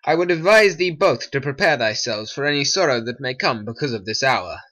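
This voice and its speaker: A man voicing a cautious older friar in a homemade stop-motion animation, speaking in a measured, advising way. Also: medium pitch, animated, bright, forceful tone, highs cut off. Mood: grave.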